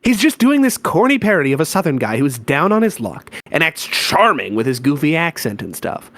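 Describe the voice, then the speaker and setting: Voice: mid-range voice, very animated, a little fast, fairly bright tone, no room sound. Someone voicing a sulky, disillusioned teenage boy who rants with sarcastic exasperation. His voice swings widely up and down as he complains. It is recorded dry and close, with no room sound. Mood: ranting. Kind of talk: fan voice-acted comic reading.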